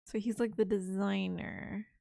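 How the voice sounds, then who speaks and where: A woman's voice: mid-range voice, flat delivery, measured pace, creaky, dark tone, dry recording, studio quality. A young woman chatting casually while she plays a game, rambling and swearing when she gets stuck. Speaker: streamer. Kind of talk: casual live-stream commentary while playing.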